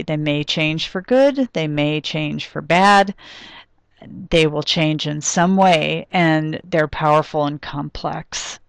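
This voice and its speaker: Low-voiced woman giving a lecture. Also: dry recording. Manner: explanatory, thinks aloud with frequent ums and restarts. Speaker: literature lecturer. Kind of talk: recorded classroom lecture.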